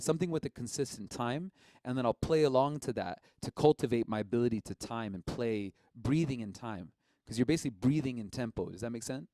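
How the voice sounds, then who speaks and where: A man teaching a live-streamed didgeridoo lesson, relaxed and encouraging, often checking in with his listeners. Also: mid-range voice, dry recording.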